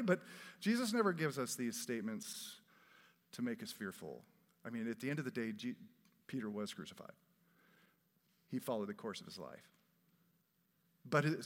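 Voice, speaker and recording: A man preaching a sermon in a church, earnest and animated, breaking into laughs and asides. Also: medium pitch. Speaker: pastor. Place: church sanctuary. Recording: long hall reverb.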